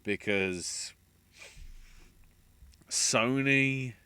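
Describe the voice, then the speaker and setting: A man's voice: medium pitch, extremely slow, sharp tone, clear, resonant tone, no echo. A man hosting a gaming channel, rambling casually and correcting himself as he talks through gaming news. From United Kingdom. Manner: rambling, self-correcting, chatty. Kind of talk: casual solo gaming commentary.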